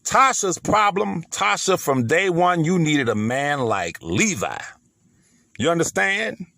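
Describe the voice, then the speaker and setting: A man's voice: on the high side, very animated, slow pace, creaky, sharp tone, no room sound, studio quality. A man with a Southern US accent giving heated, preachy commentary, repeating words for emphasis.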